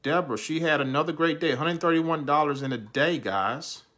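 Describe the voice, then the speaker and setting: Hyped man pitching online earnings. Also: moderate pace, a bit bright. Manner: salesy, repetitive, keeps addressing viewers as guys. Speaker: online income promoter. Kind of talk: hyped screen-share walkthrough.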